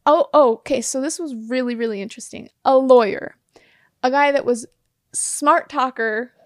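A woman co-hosting a casual chat, telling an animated story, acting out the dialogue and often breaking into laughter. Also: high voice, normal speed, no room sound, clean studio sound. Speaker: podcast co-host.

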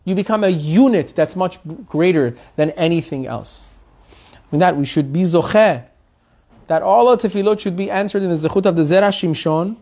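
A man's voice: high-pitched, normal speed. A man giving a weekly Torah lesson, telling stories earnestly and asking his listeners rhetorical questions. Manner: animated storytelling with rhetorical questions. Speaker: Torah teacher.

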